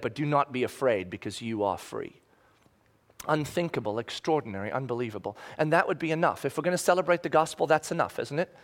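A pastor with a voice on the high side preaches a passionate sermon, acting out the voices of people in his stories. He swings between loud bursts and hushed lines.

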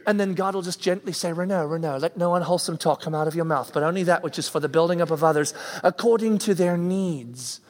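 A man's voice: a little high, quick pace, few pauses, darkish tone. Man preaching in a reverberant hall. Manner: conversational preaching, acts out people's reactions. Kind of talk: sermon. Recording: long reverb of a large hall.

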